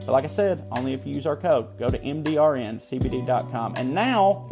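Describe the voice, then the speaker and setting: A man talks through a sponsor read in a loose, joking manner. His voice is mid-pitched and swoops up high when he gets excited. Guitar music plays clearly behind him. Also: fast talker. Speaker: podcast co-host reading an ad. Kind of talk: casual ad read.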